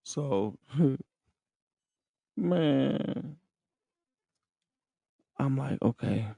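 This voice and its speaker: A man's voice: mid-range voice, lively intonation, very slow, creaky, warm tone, husky, no room sound. A man hosting a podcast, telling listeners a story in slangy, profane casual talk and often checking in with them. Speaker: podcast host. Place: room in a rehab center.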